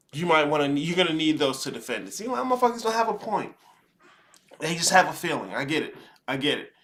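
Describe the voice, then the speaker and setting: A man's voice: a little high, a bit bright. A man hosting commentary, lecturing bluntly and swearing freely. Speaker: host. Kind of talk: commentary over a played podcast clip.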